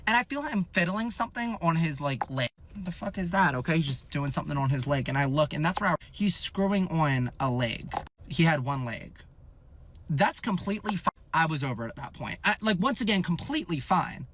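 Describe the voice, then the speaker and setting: A man in his twenties telling a casual storytime tale, animated and profane, acting out what people said. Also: fairly high pitch, fairly quick, a little hiss or hum. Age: 20s.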